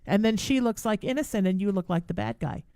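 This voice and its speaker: A woman's voice: medium pitch, fast, gravelly, dark tone, dry recording, studio quality. A woman hosting a live call-in radio show, giving chatty, emphatic spiritual advice to callers. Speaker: radio show host and psychic.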